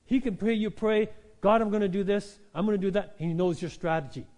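A man preaching a sermon in a church, animated and conversational, rising to loud emphatic peaks and dropping to quiet asides, often checking in with "right?". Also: high-pitched, brisk. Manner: conversational, asks the congregation "right?". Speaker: pastor.

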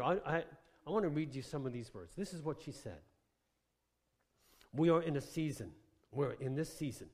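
A man preaching a sermon with passion, moving between quiet reading and loud declarations. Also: medium pitch, slightly rough. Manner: impassioned, swings from quiet to shouting. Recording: long hall reverb.

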